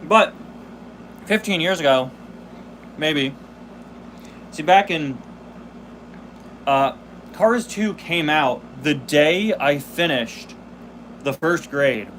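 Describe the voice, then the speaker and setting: Man, 20s, upbeat stream host, slightly high voice, casual chat with a faint background hum. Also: animated, drawn-out words, long pauses, fairly bright tone. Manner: chatty, reads chat aloud, laughs often; chewing candy while talking.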